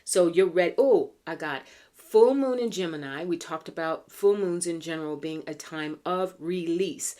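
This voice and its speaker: An American woman doing a pick-a-card tarot reading, chatty and earnest, slowing down to read the cards aloud and clearing a tickly throat. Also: fairly low pitch, mellow. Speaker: tarot reader.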